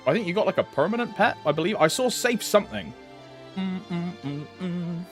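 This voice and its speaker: Slangy young streamer, high lively voice. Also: male voice, fairly quick, faint music behind. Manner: greets chat by name, laughs often, slangy. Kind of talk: casual live-stream chat.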